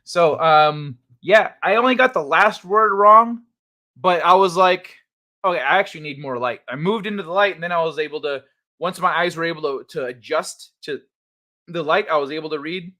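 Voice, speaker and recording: His voice sits on the high side and sounds sharp, moving at normal speed. The man is a livestream host broadcasting casually from home on a desk microphone, reading chat out loud, joking crudely and rambling with restarts.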